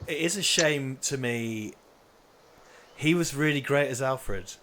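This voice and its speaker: A man in casual podcast chat about movies, mid-pitched and loose. He rambles, drops swear words freely and pads his thoughts with ums and uhs. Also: slow, a bit bright. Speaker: podcast co-host. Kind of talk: casual film commentary chat.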